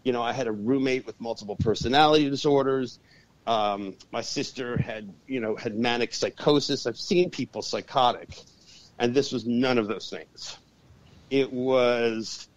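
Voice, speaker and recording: A man telling a story as a podcast guest, animated and swearing freely. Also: mid-range voice, moderate pace. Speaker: guest, urban shaman and exorcist. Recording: dull lo-fi podcast audio.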